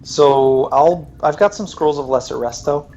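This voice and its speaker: A man's voice: on the high side, a little slow, a little mellow, muffled recording. Easygoing male tabletop player. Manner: easygoing, thinking aloud with fillers. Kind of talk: casual game talk.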